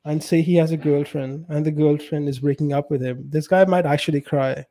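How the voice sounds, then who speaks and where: A man's voice: a little high, fairly even intonation, brisk, warm tone. A man, co-hosting a podcast in casual chat and giving blunt, opinionated takes. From India. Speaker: podcast co-host.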